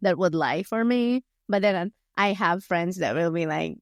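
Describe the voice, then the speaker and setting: A woman's voice: fairly low pitch, moderate pace, few pauses, no echo, clean studio sound. A woman co-hosting a podcast, chatting casually about a book, rambling with lots of fillers and acting out characters' lines. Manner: rambling, filler-heavy retelling; acts out characters' lines in quotes. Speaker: podcast co-host. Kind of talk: casual book review chat.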